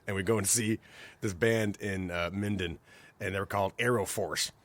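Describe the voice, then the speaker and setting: On a podcast, a male co-host with a fairly low voice chats casually at a moderate pace. He's an animated storyteller who acts out other people's lines.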